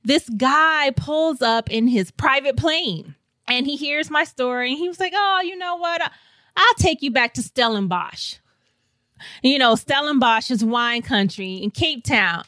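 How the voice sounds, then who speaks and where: Bright animated woman storyteller. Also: sits high, measured pace, dry recording. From St. Louis, Missouri. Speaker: podcast guest. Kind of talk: casual storytelling.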